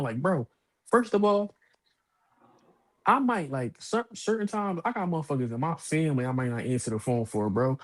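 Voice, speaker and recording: A man, co-hosting a casual boxing talk show, telling animated stories, acting out other people's voices and cursing freely. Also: mid-range voice, brisk. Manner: animated storytelling, puts on voices of others, profane. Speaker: co-host of a boxing podcast. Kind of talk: casual chat.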